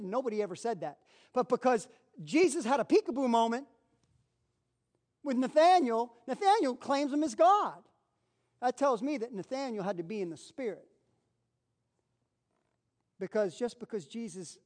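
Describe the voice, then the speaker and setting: Animated preacher man, high voice. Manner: animated, acts out Bible figures, repeats phrases. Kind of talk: sermon.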